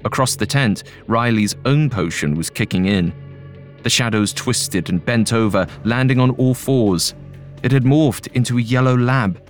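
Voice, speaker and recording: A man narrating a scripted horror story in a measured, even way. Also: mid-range voice. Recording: faint music bed.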